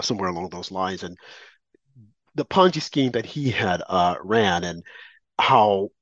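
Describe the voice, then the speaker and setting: A man's voice: on the low side, no room sound, lo-fi sound. A man co-hosting a talk radio show, giving opinionated political commentary in a rambling way with restarts. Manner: rambling, restarts, animated rants.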